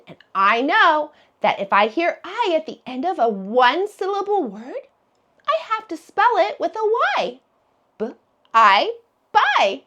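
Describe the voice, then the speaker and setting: A woman teaching a phonics lesson to preschoolers, sounding out letters slowly in a sing-song way. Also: very high-pitched, bright, forceful tone. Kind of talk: phonics lesson for young children.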